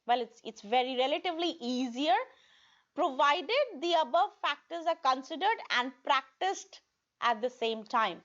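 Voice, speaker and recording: High-voiced woman teaching test prep. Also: expressive, moderate pace, fairly bright tone. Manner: repeats points, checks in with "okay?". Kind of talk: online video lesson. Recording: dull lo-fi recording.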